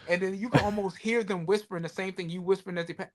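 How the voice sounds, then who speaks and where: A man co-hosting a podcast, chatting casually, telling animated stories, swearing freely and acting out the voices of people he quotes. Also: sits high, fast talker. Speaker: podcast co-host. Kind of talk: casual chat.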